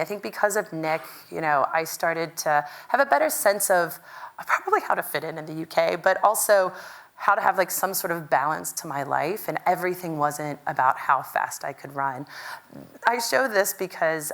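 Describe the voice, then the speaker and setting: American woman telling stories at a keynote, bit low voice, chatty and animated. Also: normal speed. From Louisville, Kentucky. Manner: chatty, lively, quotes people in animated voices. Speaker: keynote speaker. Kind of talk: conference keynote storytelling.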